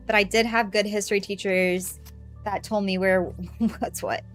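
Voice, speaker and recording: A woman with a mid-range voice streams a game and chats casually with her viewers, soft music playing behind her. She's excitable, quick to swear, and squeals greetings when viewers arrive.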